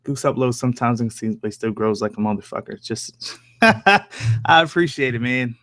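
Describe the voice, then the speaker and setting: A man's voice: mid-range voice, moderate pace, fairly bright tone, no echo. A man live-streaming from home with an accent that mixes New Jersey and Southern country, chatting casually with viewers in a loose, profane way with frequent chuckles. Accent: mix of New Jersey and American Southern country. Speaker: horror story narrator live-streaming. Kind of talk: casual live-stream chat, reading and answering viewer comments.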